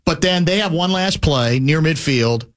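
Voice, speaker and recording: Teasing male radio host, lively pitch. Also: normal speed. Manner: teasing, prodding interviewer. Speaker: radio talk show host. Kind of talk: casual radio chat. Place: radio studio.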